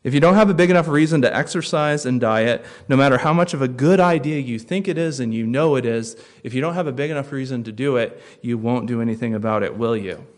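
A pastor delivering a sermon in a mid-pitched voice. He tells stories quietly, almost hushed at times, then rises with emphatic stress on key points. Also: fast, hardly any pauses. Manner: storytelling, dropping to a hush for tense moments and rising for emphasis.

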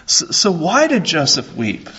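A man preaching a sermon as a pastor, slow and earnest, repeating his phrases. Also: fairly high pitch, wildly swooping pitch, sharp tone, slightly rough, dull audio.

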